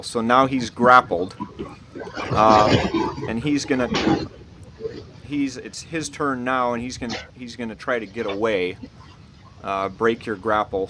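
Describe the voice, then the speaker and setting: A man narrating as dungeon master, explaining rules in a relaxed, rambling way with many fillers. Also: mid-range voice. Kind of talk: narrating a tabletop game. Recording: loud background noise.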